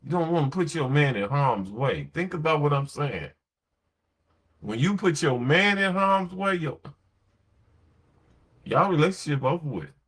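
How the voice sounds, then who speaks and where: A man's voice: on the high side, animated, unhurried, pauses often, fairly bright tone, husky. A man talking on a late-night podcast in a blunt, slangy, emphatic way, telling stories and giving opinions. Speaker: podcast host.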